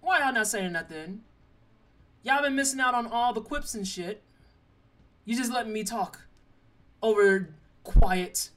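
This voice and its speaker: With a sharp tone, a mid-range voice at normal speed, and long pauses, a young adult streamer gives casual commentary on a live game. The delivery is playful and chatty, full of jokes and teasing aimed at chat. Faint game music sits behind a slightly distant mic.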